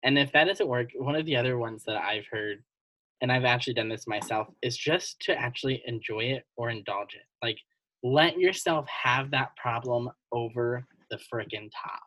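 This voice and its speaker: A podcast co-host telling personal stories in casual chat, animated and laughing often. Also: medium pitch, normal speed, poor audio.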